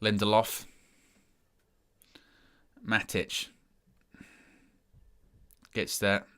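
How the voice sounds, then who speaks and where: Bright, clear-voiced dejected football host. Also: male voice, on the low side, completely flat delivery, very slow. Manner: dejected, rambling, self-mocking. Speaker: match watch-along host. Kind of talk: live football watch-along commentary.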